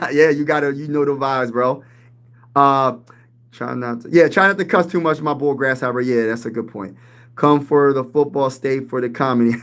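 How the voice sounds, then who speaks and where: A man in his thirties with a mid-range, fairly bright voice hosts a casual live-stream sports talk show. He's a sports channel host, hyped and full of slang as he reads the chat and responds.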